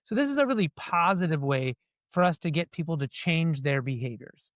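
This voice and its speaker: A man answering interview questions in a lively storytelling way, often slipping into quoted dialogue. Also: a little high, brisk, no echo, studio quality. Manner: animated storyteller who acts out quoted dialogue. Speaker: guest.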